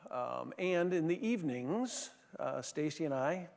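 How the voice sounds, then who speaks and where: A man's voice: fairly high pitch, lively intonation, measured pace, vocal fry, darkish tone. A man giving an anecdotal leadership talk, telling stories with many fillers and restarts. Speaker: former managing partner giving a talk. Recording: long hall reverb.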